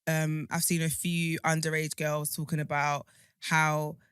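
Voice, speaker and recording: A woman's voice: sits low, flat delivery, measured pace, a bit bright, clean tone, dry recording, studio quality. A woman, co-hosting a podcast in casual chat, talking emphatically with many restarts. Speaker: podcast co-host.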